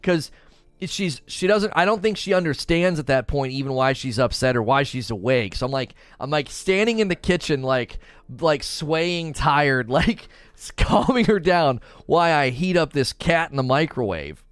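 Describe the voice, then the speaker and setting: A man's voice: a little high, lively intonation, moderate pace, no echo. A man chatting casually on a livestream, reading chat messages aloud and telling rambling stories. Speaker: streamer.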